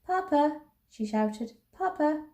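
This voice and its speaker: An excitable, giggly young girl, eager and bouncing, as a woman reads her in a storybook. The voice squeals up high yet stays soft and mellow. Roomy echo hangs around it. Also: moderate pace, heavily acted. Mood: shouting.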